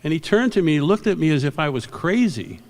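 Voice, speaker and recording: Gravelly older man telling stage anecdotes. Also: fairly high pitch, brisk. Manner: rambling, animated anecdotes with self-corrections. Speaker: veteran comic book inker and speaker. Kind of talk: anecdotal storytelling speech at an awards ceremony. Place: large convention hall. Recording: long hall reverb.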